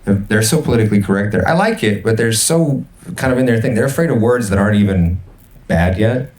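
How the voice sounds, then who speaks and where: A young man doing an energetic, absurd stand-up set in a comedy club, slipping into put-on voices for the people he quotes. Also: fairly low pitch, quick pace. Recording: live club set with a laughing crowd.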